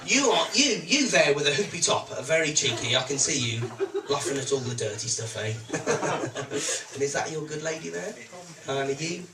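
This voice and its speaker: A man with a Birmingham accent works a live comedy crowd, cheeky and teasing. His voice is fairly high for a man and swings a lot in pitch. He is heard from a distance in a roomy venue over loud crowd noise. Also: big pitch swings, normal speed. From Birmingham, England. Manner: cheeky, teasing the front row. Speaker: stand-up comedian. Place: comedy club stage. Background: audience laughter.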